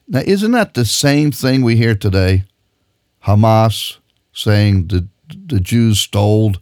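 A man's voice: on the low side, a little mellow, dry recording, clean studio sound. A man preaching a sermon with emphatic, insistent delivery, reading scripture aloud and explaining it.

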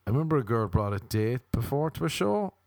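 A man's voice: medium pitch, very animated, a little fast, creaky, darkish tone, dry recording. An Irish man, a comedian, telling profane stories in casual chat, laughing and acting out other people's lines. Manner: profane, laughing, acts out quoted voices. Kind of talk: casual comic storytelling.

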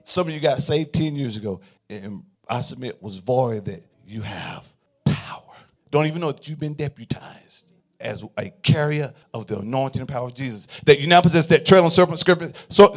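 A male pastor preaching a sermon in a call-and-response style, swinging from quiet murmurs to fervent shouts. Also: on the high side, animated, moderate pace.

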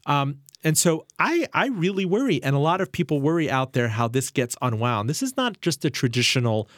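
A man's voice: on the high side, big pitch swings, fairly quick, fairly bright tone, no echo, studio quality. A man hosting a finance interview, asking probing, rhetorical questions and laying out events with dates and figures. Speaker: interview host.

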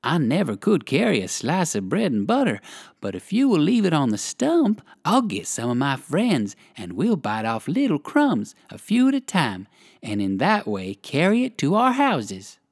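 A storyteller voicing a group of tiny, polite red ants in a children's story, who speak in a helpful way with a raised pitch. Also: wildly swooping pitch, normal speed, husky, dry recording, studio quality, exaggerated voice. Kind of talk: storybook character voice.

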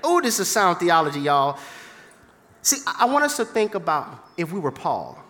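An animated preacher whose pitch swings widely and whose tone stays bright and forceful. The sermon runs as call-and-response, with humor between the teaching. A long hall reverb trails each phrase in the church. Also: normal speed.

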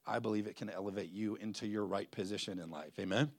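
A man with a low, gravelly voice speaks as a pastor introducing a guest preacher. He tells a lively story, acting out the other people and laughing along. The sound is dry and close. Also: quick pace, dry recording. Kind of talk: church sermon introduction. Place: church sanctuary.

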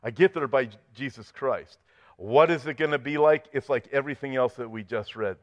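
Speaking briskly in a mid-range voice, a man preaches as pastor, trading jokes with his congregation and reading scripture with mounting intensity. His sermon is captured with a dull tone and long reverb from the hall.

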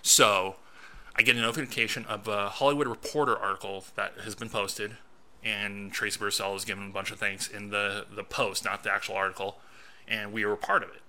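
Man, podcast co-host, lower voice, very bright tone, animated storytelling, casual chat. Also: brisk. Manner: animated storytelling, acts out his own reactions. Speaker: podcast co-host and film critic.

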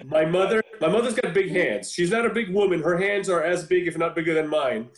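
A man in his forties from New York, telling a childhood story in casual chat with an animated, shifting pace. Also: high-pitched, a little fast, echoey room. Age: 40s.

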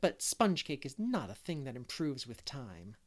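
A man reading aloud, voicing a lively middle-aged unmarried woman who loves make-believe and gushes over her guests. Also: medium pitch, unhurried. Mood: chatty. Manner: gushing, fond of make-believe. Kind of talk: storybook character reading.

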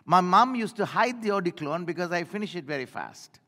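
An older man preaching with a high voice and a wide, lively sweep of pitch. He tells stories from the pulpit and drops from ringing declarations to near hushes. His voice carries the long reverb of a church hall. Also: brisk. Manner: storytelling, swinging from loud to hushed. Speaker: pastor. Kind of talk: sermon.

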